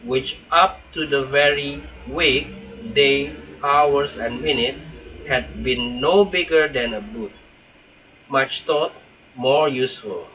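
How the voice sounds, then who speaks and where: Male storyteller, storybook read-aloud, slow and bright, lo-fi sound. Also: medium pitch, slight background noise. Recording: dull lo-fi recording.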